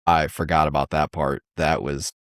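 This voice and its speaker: A man's voice: extremely low pitch, flat delivery, moderate pace, fairly bright tone, no room sound, studio quality. A man in his thirties, a podcast co-host, telling a rambling story in casual chat.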